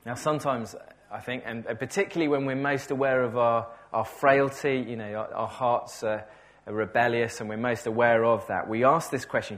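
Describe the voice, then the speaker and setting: A man's voice: mid-range voice, steady tone, normal speed. A man preaching a sermon in a conversational way, often repeating words and correcting himself, enthusiastic about the passage.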